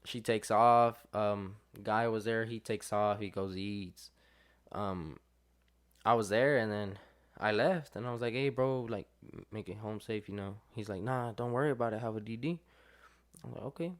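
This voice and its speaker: Here a young adult guest on a podcast recounts a story conversationally, leaning on fillers and voicing quotes in a lively way. His voice is on the low side, at normal speed.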